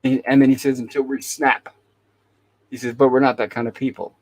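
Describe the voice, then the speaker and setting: A man's voice: medium pitch, level tone, brisk, a little mellow, poor audio. A man hosting a talk show, casually retelling TV episode scenes and quoting the characters' lines. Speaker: podcast host.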